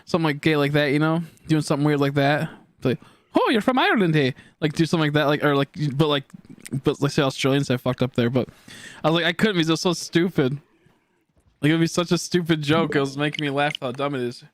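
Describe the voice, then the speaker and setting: A man's voice: fairly high pitch, steady tone, quick pace, dry recording. A man in his twenties chatting casually on a game live stream, rambling and joking as he answers chat aloud. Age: 20s.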